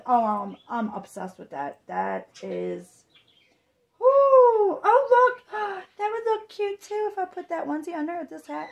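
A young adult woman vlogging an unboxing, gushing with excited exclamations. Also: sits high. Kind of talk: unboxing chat.

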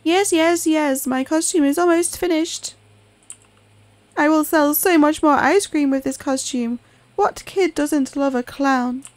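A woman's voice: high voice, measured pace, no room sound, voice pushed up. A woman voicing an eager, simple-minded male clown who sells ice cream, with a raised, fawning voice.

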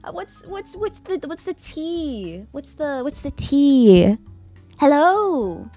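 Woman streamer with a high, bouncy voice; excitable, rambling, swears freely; faint music underneath. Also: takes it slowly. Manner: rambling, repeats herself. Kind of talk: casual live-stream chat.

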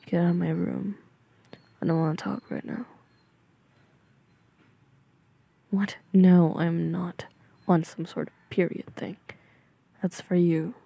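A woman voicing a grumpy, sleepy young man in a whispered role-play, with a curt, irritable and mocking way of talking and a husky, breathy whisper. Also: lowish voice, flat delivery, unhurried, mellow, no room sound, exaggerated voice. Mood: irritated. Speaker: voice actor.

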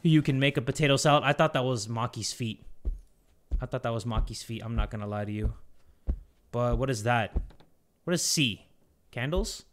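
A young man doing casual horror game commentary, jokey and excitable, sinking to nervous mutters when scared. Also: mid-range voice, normal speed, long pauses, a little hiss or hum. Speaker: gaming YouTuber.

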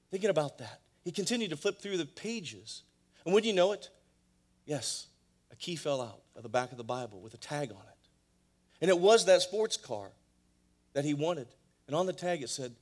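A man's voice: on the high side, expressive, unhurried, pauses often. Man preaching a story-driven sermon. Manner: dramatic storyteller, voice rising and falling widely. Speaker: pastor. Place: church sanctuary.

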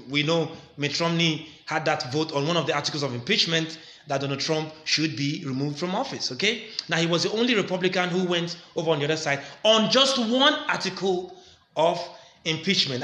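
A man's voice: high-pitched, pushed and bright, echoey room. A man hosting a commentary channel, talking emphatically and repeating words for stress. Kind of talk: casual commentary.

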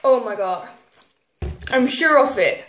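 A teenage girl, filming a casual vlog and getting excitable, squealing when something pleases her. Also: on the high side, slow pace, a little hiss or hum. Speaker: vlogger. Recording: echoey room.

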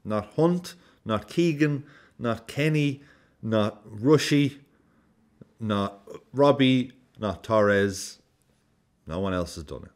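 Lively man in a football vlog. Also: fairly low pitch, takes it slowly. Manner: animated, swears freely, acts out reactions. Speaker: football vlogger. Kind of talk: casual match commentary.

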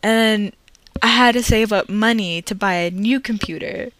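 Speaking into her laptop mic for a casual vlog, a young let's play creator rambles through why she's been gone so long, filling her talk with fillers and self-corrections. Her mid-range voice moves at a moderate pace, sounding a bit bright in a dry recording.

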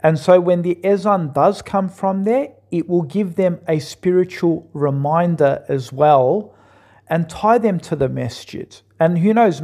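A man commentating on a clip, pausing it to argue his points earnestly and repeating himself for emphasis. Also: sits high, dark tone. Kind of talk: reaction commentary.

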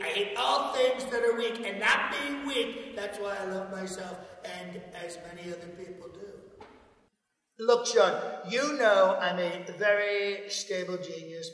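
An actor playing a boastful, petulant president hiding in a bunker, in a comedic impression that keeps repeating itself and whining. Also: male voice, high-pitched, moderate pace, fairly bright tone, heavy reverb, big-room sound, distant mic, poor audio. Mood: blustering. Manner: boastful, repetitive, whiny.

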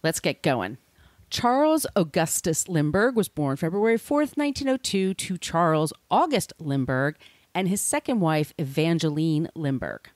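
A woman's voice: low-pitched, very animated, moderate pace, a little mellow, no echo. Brief: irreverent woman podcast host, casual chat, cursing, dry recording. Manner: chatty, irreverent, swears casually.

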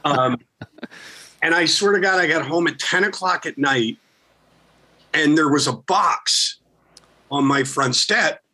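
Animated, profane rock singer man. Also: on the high side, slow, long pauses. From Philadelphia. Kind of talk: casual storytelling.

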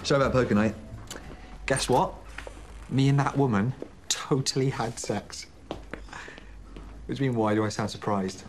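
A man playing a deadpan slacker Dan. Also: mid-range voice, measured pace, long pauses, noisy background, natural voice. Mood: laid-back. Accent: British. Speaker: Dan, a lazy young man house-sitting. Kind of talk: British TV sitcom acting.

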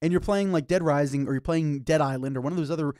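A man's voice: on the high side, fast talker, darkish tone, no echo, clean studio sound. A man co-hosting a podcast, chatting casually about games and horror, acting out scenes in put-on voices. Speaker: podcast co-host.

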